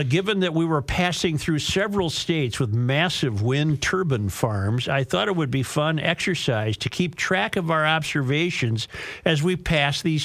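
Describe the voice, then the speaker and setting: A man's voice: a little high, fairly bright tone, dry recording. A man hosting a talk radio show, bluntly scornful in banter and reading a listener's letter aloud. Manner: blunt and scornful, reads aloud with shifting emphasis.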